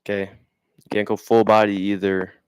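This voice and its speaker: A young man with a very low voice talks straight into a dry, close mic. He rambles in slang, reads a bit of text aloud and keeps checking in with "right?". His delivery is loose and conversational. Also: little pitch movement, normal speed, clean tone, no room sound. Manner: reads passages aloud then riffs on them. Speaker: vlogger. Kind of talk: casual explanatory monologue.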